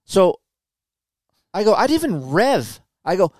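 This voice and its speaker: Animated, profane man telling a story. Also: sits high, a little slow, no echo, studio quality. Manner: animated, profane, acts out quotes loudly. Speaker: guest, motocross racer. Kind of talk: casual podcast storytelling.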